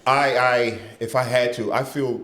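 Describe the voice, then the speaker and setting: A man's voice: medium pitch, level tone, measured pace, a bit bright. A male comedian in casual podcast chat who throws in crude, joking remarks. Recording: roomy echo with faint noise.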